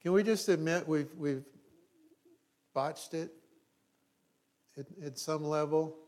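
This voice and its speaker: A man's voice: a little high, takes it slowly, a little mellow. Middle-aged man preaching a conversational sermon. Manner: conversational, with wry humorous asides and restarts. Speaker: pastor.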